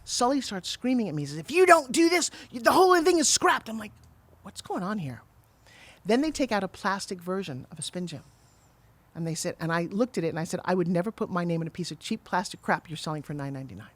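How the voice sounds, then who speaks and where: Woman, middle-aged, rapid speech, dry close sound, lively storyteller. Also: lowish voice, no room sound. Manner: fast, animated storyteller who acts out quotes. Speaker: guest, TV pitch saleswoman. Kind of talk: storytelling in a podcast interview.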